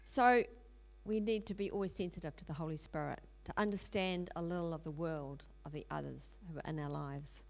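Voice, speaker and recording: A woman's voice: low-pitched, a little fast, vocal fry, few pauses. A middle-aged woman telling a story in a sermon, earnest, with frequent ums and restarts. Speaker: speaker in a church teaching series.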